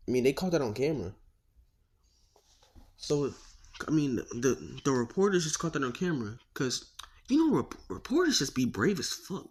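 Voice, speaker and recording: A man's voice: medium pitch, darkish tone, breathy edge. Casual, slangy male storyteller. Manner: rambling, slangy and profane with asides. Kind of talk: casual fan-story narration.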